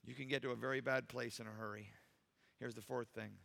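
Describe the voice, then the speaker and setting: A man's voice: medium pitch, steady tone, brisk, creaky, a bit bright, long reverb tail. A man preaching a sermon in a church, emphatic and full of rhetorical questions to the congregation. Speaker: pastor. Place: church sanctuary.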